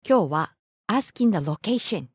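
A woman's voice: medium pitch, lively intonation, normal speed, husky, dry recording, clean studio sound. A woman teaching on a language podcast, patiently modeling words and pronunciation. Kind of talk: casual language lesson.

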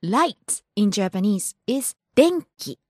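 A woman's voice: medium pitch, sing-song, takes it slowly, darkish tone, slightly rough, no echo, clean studio sound. A woman teaching on a language podcast, patiently modeling words and pronunciation. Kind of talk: casual language lesson.

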